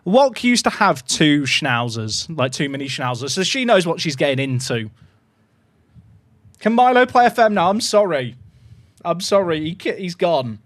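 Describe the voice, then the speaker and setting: During a casual live stream, a man rambles and chats, cutting himself off mid-word and cooing warmly at his puppy in between. His voice is on the high side and sing-song, at a moderate pace, with studio quality and no echo.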